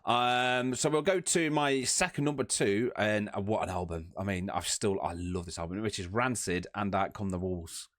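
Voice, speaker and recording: A man's voice: on the low side, steady tone, moderate pace, few pauses, a bit bright, no echo, clean studio sound. A young man chatting enthusiastically on a podcast, rambling and restarting his sentences. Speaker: podcast co-host. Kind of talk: casual chat.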